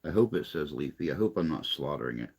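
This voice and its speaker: A man's voice: rumbling low, sing-song, fast talker, vocal fry, a little mellow, breathy edge. An older man hosting a casual livestream chat, reading viewer comments aloud in a rambling, self-deprecating way.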